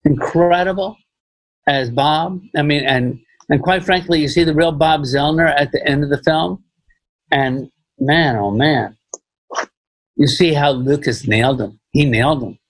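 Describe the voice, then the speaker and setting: Husky man, rambling director. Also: on the high side, unhurried, dry recording, poor audio. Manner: rambling, repeats phrases, many "you know"s. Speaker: film director guest. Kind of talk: casual podcast interview.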